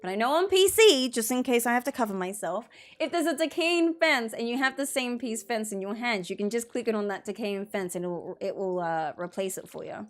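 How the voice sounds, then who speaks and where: A woman streamer talks over her gameplay in a rambling, chatty flow. Her voice sits a little high, and she complains in a joking, exasperated way. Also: expressive, a little fast. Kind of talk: gameplay commentary.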